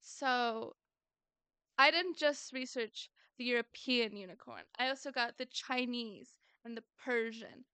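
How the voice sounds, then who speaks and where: A woman's voice: a little high, unhurried, pushed and bright, clear, resonant tone, no room sound. A woman co-hosting a podcast in casual chat, playful and giggly, teasing her co-host.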